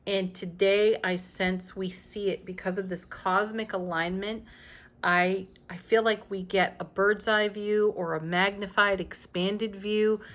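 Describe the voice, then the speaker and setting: Low-voiced woman giving a tarot reading. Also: fairly bright tone. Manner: emphatic, spiritual encouragement with small laughs. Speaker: tarot reader.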